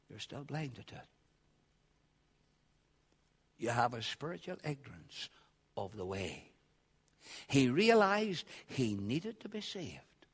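A man preaching a sermon, swinging from quiet asides to loud, shouted passages. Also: mid-range voice, big pitch swings, a little slow, slightly rough. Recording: long hall reverb.

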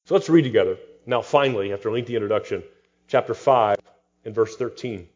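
A man's voice: lowish voice, fast, a little mellow, lo-fi sound. A man, a pastor, preaching an expository sermon with rhetorical questions and dry humor.

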